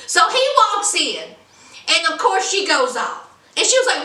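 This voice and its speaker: Sassy high-voiced woman recapping a movie. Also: lively intonation, slow pace, pushed and bright, roomy sound, distant mic. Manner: sassy, chatty storytelling with frequent asides. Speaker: movie reviewer. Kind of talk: casual movie plot recap.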